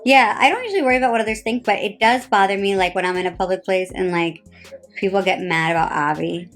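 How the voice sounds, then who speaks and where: A woman's voice: medium pitch, quick pace, fairly bright tone. New Jersey woman, 30s, tired and sarcastic, rambling phone-live chat with faint background music. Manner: rambling, heavy "like" fillers, sarcastic. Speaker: reality TV personality on a live stream. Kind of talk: casual live-stream chat.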